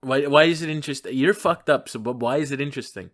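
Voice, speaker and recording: A man's voice: medium pitch, fast talker. Crude, rambling young man podcaster. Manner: crude, rambling storytelling with bursts of loud exclaiming. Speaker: podcast host. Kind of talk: casual podcast chat. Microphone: remote call.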